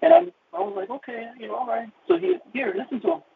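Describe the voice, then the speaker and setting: Man giving a halting, emotional testimony, with a gravelly voice that swings up and down in pitch, over a tinny line. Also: animated. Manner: halting, with many restarts and repeated words. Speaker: caller sharing a personal testimony. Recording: tinny phone-like line with faint hiss.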